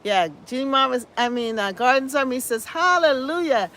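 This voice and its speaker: Hosting a relaxed gardening livestream, a scratchy-voiced woman talks at a normal pace in a fairly high, bright voice. She reads viewers' comments aloud and chats with them, gushing and cheerful, often repeating herself and calling out "hallelujah."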